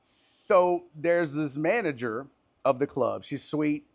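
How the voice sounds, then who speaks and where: A man's voice: fairly high pitch, expressive, slow. A man hosting a casual podcast chat, a comedian telling profane, rambling stories on an outdoor patio. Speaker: podcast host and stand-up comedian.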